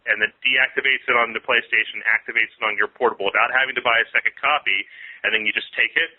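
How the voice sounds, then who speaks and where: A man calling in to a gaming show who explains his ideas quickly and with enthusiasm. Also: mid-range voice, fairly even intonation. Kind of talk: casual call-in chat. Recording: tinny phone line.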